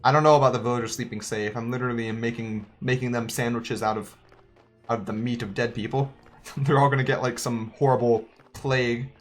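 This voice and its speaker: A man's voice: medium pitch, steady tone, brisk, soft background music. A man giving joking, chatty let's-play commentary, thinking aloud as he plays. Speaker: gaming YouTuber.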